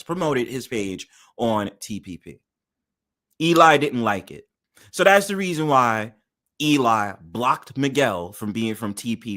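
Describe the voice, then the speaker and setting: Lively, profane man arguing on a livestream. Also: mid-range voice, no room sound, clean studio sound. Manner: profane, taunting, repeats challenges. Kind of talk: heated livestream argument.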